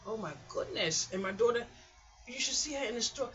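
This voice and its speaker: A woman's voice: on the high side, fast, dull audio, faint music behind. Chatty woman vlogging at home. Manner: rambling and chatty, animated storytelling with laughs. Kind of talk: casual chat. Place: hot apartment room at home.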